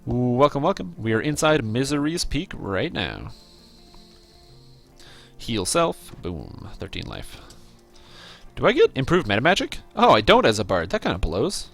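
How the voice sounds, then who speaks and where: A man talks through a game for his live viewers, rambling from point to point and addressing the chat directly. His pitch jumps around a lot as he reacts to what happens on screen. Faint music plays underneath. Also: measured pace, vocal fry, long pauses. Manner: excitable reactions to gameplay. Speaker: video game streamer. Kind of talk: casual live-stream commentary.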